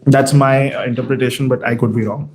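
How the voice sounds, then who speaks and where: Male class speaker, animated storyteller, fillers, mid pitch, temple hall. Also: brisk. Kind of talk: scripture class talk.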